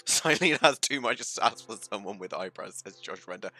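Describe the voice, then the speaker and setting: A man's voice: lowish voice, expressive, moderate pace, no echo, faint music behind. A man giving casual, theatrical commentary while streaming a game. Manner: theatrical, swings into loud outbursts.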